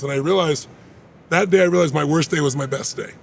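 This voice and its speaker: Interview guest, man in his 60s: gravelly, rapid-fire, emphatic storyteller. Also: fairly high pitch, a little hiss or hum.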